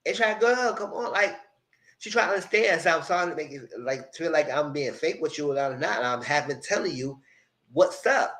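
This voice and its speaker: A man giving a casual, animated live recap of a reality show, full of quoted asides. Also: on the high side, brisk, low-quality recording.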